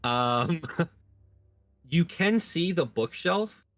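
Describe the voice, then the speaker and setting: A man running a tabletop game, describing scenes in a relaxed, loose way with many fillers. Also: a little high, very slow. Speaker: game master.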